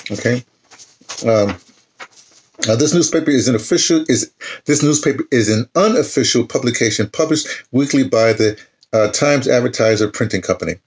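A man in his sixties reads a newspaper article aloud in a casual, unpolished way. He keeps breaking off into rambling personal asides and restarting his sentences. His voice sits at an ordinary, mid-range pitch. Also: moderate pace. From United States. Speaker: YouTube channel host. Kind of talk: casual reading and commentary.

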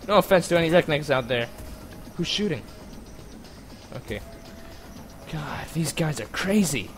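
A man giving casual, rambling gameplay commentary, joking along and bursting into panicked yelling now and then. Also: on the high side, expressive, unhurried, pauses often, faint music behind.

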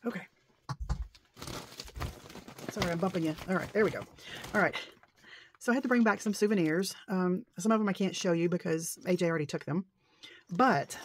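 A middle-aged woman chatting her way through a crafting show-and-tell at a mid-range pitch. She gushes and rambles, tripping over her words when excited, with a faint hiss of noise underneath. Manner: excitable, gushing, rambling and tongue-tied. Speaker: paper-crafting vlogger. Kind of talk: casual show-and-tell chat.

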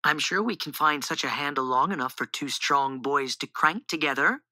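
A woman doing a brisk, upbeat storybook mother. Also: deep voice, bright, forceful tone, dry recording. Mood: encouraging. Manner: practical and upbeat. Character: brisk, encouraging mother of boys.

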